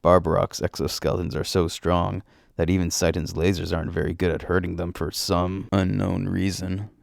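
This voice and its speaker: Guy putting on a grumpy alien lady, dry and dismissive, low gravelly voice, storybook. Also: little pitch movement, normal speed, no echo. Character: grumpy sharp-tongued female alien.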